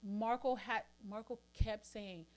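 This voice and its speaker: A woman's voice: mid-range voice, fairly even intonation, takes it slowly. A woman podcast co-host in casual chat, a supportive listener who tells her own family story. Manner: supportive listener, frequent affirming murmurs.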